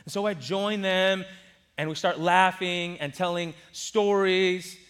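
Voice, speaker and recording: A man in his twenties from Southern California, telling a personal story in a sermon with lively delivery and acted-out quotes. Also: high voice, slow pace, clear, resonant tone. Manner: animated, acts out quoted voices. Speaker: preacher.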